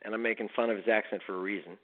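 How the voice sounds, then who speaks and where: A man's voice: on the low side, steady tone, racing. A man interviewed as a guest author, telling his story in an emphatic, punchy way. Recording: tinny phone line.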